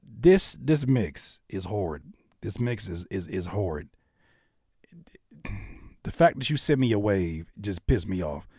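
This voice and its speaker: A man's voice: on the low side, animated, measured pace, long pauses, mellow, slightly rough, no echo, clean studio sound. A man hosting a livestream, giving blunt, coaching critiques of submitted songs. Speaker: music reviewer and livestream host.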